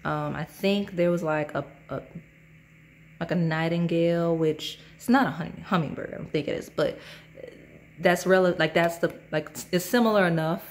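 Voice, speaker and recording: A woman's voice: fairly low pitch, normal speed, a little hiss or hum. A woman giving a casual pick-a-card tarot reading, talking straight to her viewers in a chatty, rambling way. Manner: chatty and rambling, many fillers and asides. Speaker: tarot reader.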